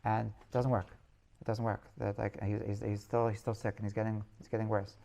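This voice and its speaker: A man's voice: on the low side, flat delivery, brisk, vocal fry, dark tone. A male rabbi telling stories in a class, rambling, restarting phrases and laughing at his own tales. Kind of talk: storytelling Torah class.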